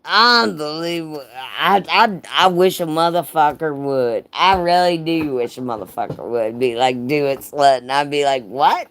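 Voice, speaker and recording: A woman's voice: sits low, moderate pace, few pauses, fairly bright tone. A woman hosting a livestream, reading a racy story aloud and breaking off to tease her chat with profane jokes and frequent laughter. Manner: profane, teasing, laughs often, talks to chat by name. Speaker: livestream host.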